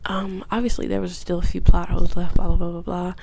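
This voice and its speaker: A woman's voice: on the low side, level tone, fast talker, creaky, a little mellow, slight background noise. A woman vlogger giving a casual, rambling, profane recap, often dropping into whispered asides. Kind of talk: casual video essay recap.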